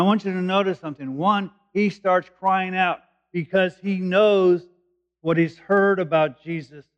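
A man's voice: a little high, muffled recording. A man teaching through a Bible passage verse by verse, explaining in a conversational, thinking-aloud way. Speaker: preacher.

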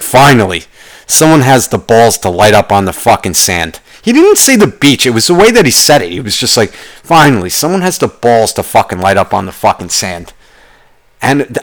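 A young man ranting casually, profane and rambling, telling a story with animated quoted voices. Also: medium pitch. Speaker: podcast host.

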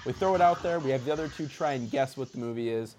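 A man co-hosting a podcast in casual chat, animated and laughing, slipping into impressions. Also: mid-range voice, fast talker, slight background noise. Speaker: podcast co-host.

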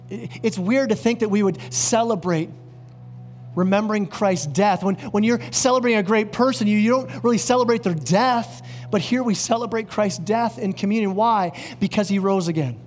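A male pastor preaching an earnest sermon, dropping lower and slower on key words. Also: soft background music. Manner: earnest, drops low and slow on key words. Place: church.

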